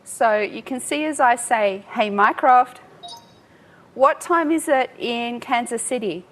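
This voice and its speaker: A woman's voice: on the high side, slow, fairly bright tone. Chatty woman giving a live tech demo. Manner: chatty, self-mocking, laughs often. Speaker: tech speaker. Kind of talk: live software demo talk.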